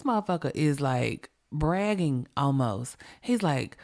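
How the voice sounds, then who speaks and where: A woman's voice: sits low, measured pace, a little mellow. A woman hosting a true crime podcast, telling the story in a profane, emphatic, conversational way and talking straight to her listeners. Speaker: podcast host.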